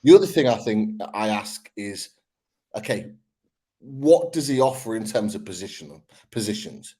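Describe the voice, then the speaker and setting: Lowish-voiced man analysing football. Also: animated, mellow, husky. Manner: measured, explains point by point with fillers. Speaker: fan podcast panelist.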